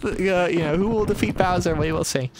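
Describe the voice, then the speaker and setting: A man giving casual gameplay commentary, swearing and joking, slipping into quick mock voices for the game villain. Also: sits high. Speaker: let's play commentator. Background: game music.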